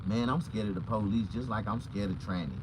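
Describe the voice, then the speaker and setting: A man, a comedian, telling profane comic stories in an animated, loud way from inside a vehicle. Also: on the low side, quick pace, noisy background. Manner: loud, animated, acts out voices.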